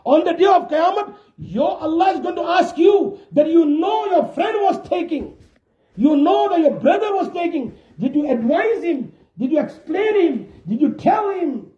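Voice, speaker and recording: Impassioned high-voiced male preacher, echoey. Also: animated, moderate pace. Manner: impassioned, swinging from soft to shouting. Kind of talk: sermon. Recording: echoey, dull lo-fi room recording.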